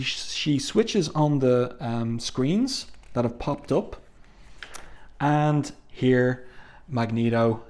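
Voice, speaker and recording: Man reviewing comics casually. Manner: reads dialogue aloud in a low, hushed tone, with fillers. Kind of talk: casual comic review reading panels aloud.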